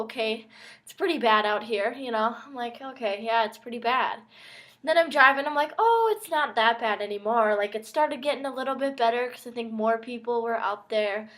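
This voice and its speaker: Young woman, high voice, from Minnesota, casual vlog storytelling, chatty, wry, quotes herself. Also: fairly bright tone. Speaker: vlogger.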